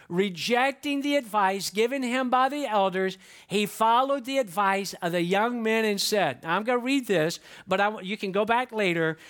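A man's voice: sits high, lively intonation, moderate pace, a bit bright. A male pastor preaching a sermon, emphatic and repeating key lines to the congregation.

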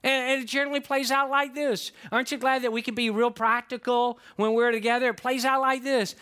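High-voiced folksy male preacher. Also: fairly even intonation, fairly quick, few pauses, sharp tone, clean tone. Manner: folksy, asks the congregation questions. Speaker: pastor. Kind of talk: sermon.

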